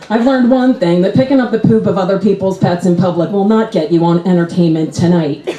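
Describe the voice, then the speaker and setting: A woman's voice: roomy sound, slight background noise, low-quality recording. A woman performing a stand-up comedy set on a club stage, acting out the people in her stories with big jumps in her voice. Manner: animated, acts out characters with big pitch jumps.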